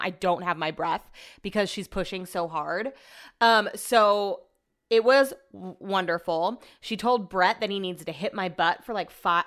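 A woman's voice: medium pitch, fairly bright tone. A young woman hosting a podcast alone, rambling through a casual story with lots of "like" and the odd swear word. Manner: chatty and rambling, heavy use of "like", casual swearing. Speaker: podcast host. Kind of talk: casual solo podcast monologue.

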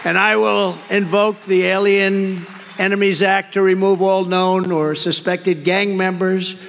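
A man's voice: high-pitched, flat delivery, measured pace, gravelly, a bit bright. A man giving a campaign rally speech, rambling and repetitive, with heavy emphasis. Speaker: political candidate at a rally. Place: large rally venue. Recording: long hall reverb.

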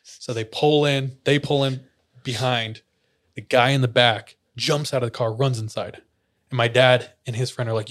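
A man's voice: medium pitch, steady tone, normal speed, a bit bright. Young man telling a story, laughing. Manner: laughs often, many "like" fillers. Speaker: podcast host. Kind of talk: casual storytelling.

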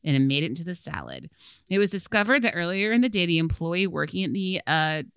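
A woman co-hosting a podcast, telling stories in lively, casual chat. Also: on the low side, fast, clean tone, dry recording, clean studio sound. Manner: lively storyteller, laughs often. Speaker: podcast co-host.

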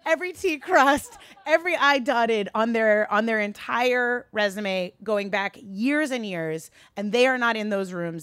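A woman giving a candid, animated talk to a live audience, swearing freely and rising into a high register when worked up. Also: no room sound. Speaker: speaker addressing a live audience.

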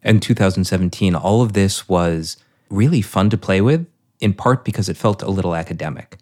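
Middle-aged man with a very low voice, unhurried storyteller with examples. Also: darkish tone. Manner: thoughtful, explains with examples. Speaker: guest. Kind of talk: conversational storytelling.

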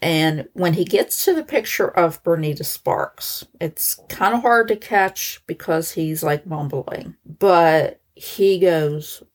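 A woman hosting a podcast, recounting a true-crime case in a conversational, animated way. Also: fairly low pitch, unhurried, few pauses. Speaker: podcast host.

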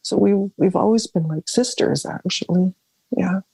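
A woman's voice: lowish voice, moderate pace, vocal fry, mellow, husky, no echo, rough recording. A middle-aged woman caring for her mother, speaking candidly and searchingly about her family, often restarting her sentences. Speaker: family caregiver. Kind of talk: reflective personal interview.

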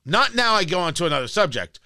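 A man's voice: sits high, very animated, quick pace, pushed and bright, dry recording. A man hosting a talk radio show, delivering an emphatic, combative monologue into a studio microphone.

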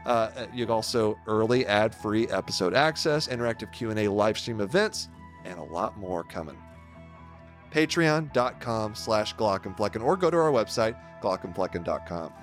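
A man's voice: lowish voice, lively intonation, normal speed. Guy in his 30s doing the podcast outro, jokey and rambly, faint music under it. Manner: joking, stumbling restarts. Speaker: podcast co-host.

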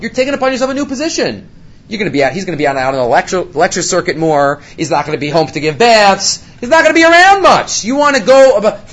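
High, animated man teaching a Torah class. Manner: animated, asks rhetorical questions and answers them; mixes Hebrew study terms into English. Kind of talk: Torah study lecture.

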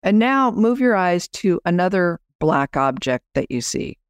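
Woman, podcast host, business coach, chatty, guiding, smooth voice, dry sound. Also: on the low side, big pitch swings, measured pace, dry recording. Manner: chatty, guiding listeners through exercises. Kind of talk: explaining a program on a podcast.

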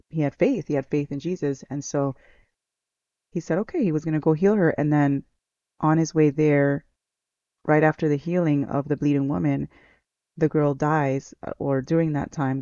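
On his devotional podcast, a man earnestly works through a Bible passage, circling back to key phrases with plenty of fillers and false starts. He speaks a bit high, with vocal fry and a mellow quality, and the dull, lo-fi recording has no room sound at all.

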